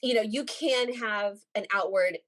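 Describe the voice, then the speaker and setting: A woman in her forties, a podcast guest telling stories in casual chat, animated and often laughing. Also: mid-range voice, unhurried. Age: 40s.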